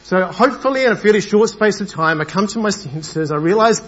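Male preacher, a bit high, hesitant delivery, dull church recording with hum. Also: brisk. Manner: hesitant, many fillers, grows animated. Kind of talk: sermon.

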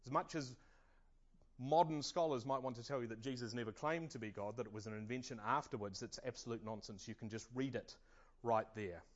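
A man's voice: medium pitch, fairly quick, lo-fi sound. Earnest male preacher delivering a sermon. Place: church service.

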